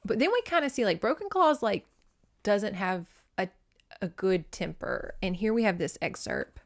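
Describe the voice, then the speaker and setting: A woman's voice: mid-range voice, animated, moderate pace. A woman hosting a podcast, casually recapping a novel with sarcasm and free swearing. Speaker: podcast host.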